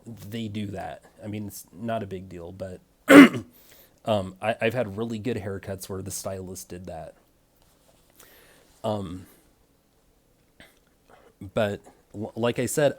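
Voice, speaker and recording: A young man telling an irritated story about a bad haircut, imitating clipper buzzing as he goes. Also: fairly low pitch. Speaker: vlogger. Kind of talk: casual rant.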